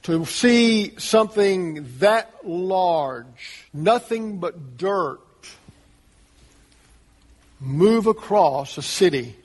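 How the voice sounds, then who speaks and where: Pastor, male, high voice; earnest sermon delivery full of rhetorical questions, recorded in a reverberant church hall. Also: expressive, very slow, darkish tone. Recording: long reverb of a large hall.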